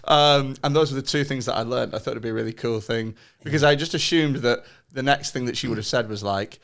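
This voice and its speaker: A man's voice: mid-range voice, fast, creaky, fairly bright tone. Lancashire man telling loose, sweary stories. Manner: loose, swearing, laughing storyteller. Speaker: podcast co-host. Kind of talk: casual chat.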